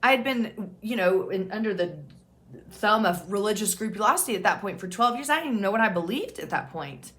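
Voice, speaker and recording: A woman's voice: mid-range voice, lively intonation, a little fast, fairly bright tone. A woman speaks straight to her viewers in an open, unguarded way, telling her own story as a peer support host. She talks casually and swears now and then, with small self-mocking laughs along the way. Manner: frank and casual, swears freely, laughs at herself. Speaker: OCD peer support specialist and channel host. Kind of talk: candid personal storytelling to camera.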